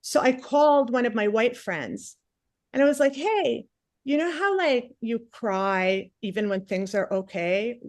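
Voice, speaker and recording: A woman doing a stand-up comedy set on stage, chatty and self-mocking with animated asides. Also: fairly high pitch, a little slow, no echo. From Palestinian family. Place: comedy stage before a live audience.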